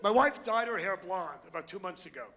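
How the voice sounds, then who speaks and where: A man's voice: high-pitched, animated, a little fast, noisy background. A brash, crude male stand-up comedian doing a routine with crowd work on a comedy club stage. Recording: long hall reverb.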